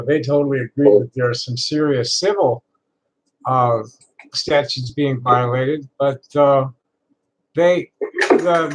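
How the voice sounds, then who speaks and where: A man talking in a casual voice chat as an invited guest, halting with frequent fillers. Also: mid-range voice, a bit bright, poor audio.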